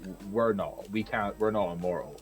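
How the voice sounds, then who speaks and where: A man's voice: low-pitched, normal speed, over music. A man chatting casually and rambling, laughing and swearing as he goes. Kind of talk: casual chat.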